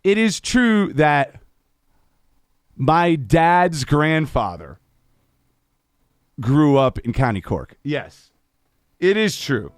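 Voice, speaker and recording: Rambling guy, slightly high voice. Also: sing-song, very slow, pauses often, no room sound, clean studio sound. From New Jersey. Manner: rambling and laid-back, stumbles over words, slangy. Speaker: live-stream host and singer. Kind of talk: casual chat between songs on a live stream.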